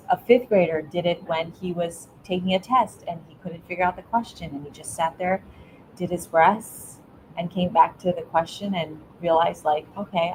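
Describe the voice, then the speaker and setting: A middle-aged woman speaks in a fairly low voice, giving earnest advice to parents as an interview guest. She often stumbles and restarts mid-sentence, with a faint rumbling hiss beneath her. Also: low-quality recording. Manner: earnest, warm coaching tone with frequent restarts. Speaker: guest, educator.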